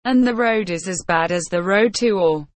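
A woman's voice: lowish voice, moderate pace, dry recording, close to an everyday voice. A woman reading a worried young boy. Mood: anxious. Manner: anxious questions. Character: worried twelve-year-old boy.

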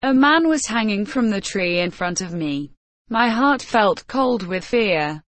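A woman reading a storybook aloud in a slow, measured, plain manner. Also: medium pitch, expressive, no room sound. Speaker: narrator.

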